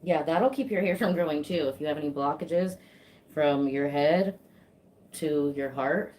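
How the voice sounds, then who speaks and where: Low-voiced chatty woman giving a massage. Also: darkish tone, slight background noise. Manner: chatty, laughs easily, swears casually. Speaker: face sculpting practitioner. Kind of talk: casual chat while giving a massage.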